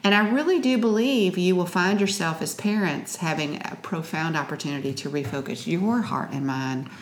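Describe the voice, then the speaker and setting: Lower-voiced woman, earnest teaching. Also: normal speed, slight background noise. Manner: earnest, teaching, scripture-quoting. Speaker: co-host and parenting author. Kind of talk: Christian parenting podcast chat. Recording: roomy echo.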